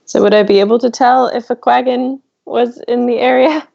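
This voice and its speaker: Gravelly-voiced woman player. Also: a little high, fairly even intonation, moderate pace, warm tone, lo-fi sound. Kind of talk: casual tabletop play.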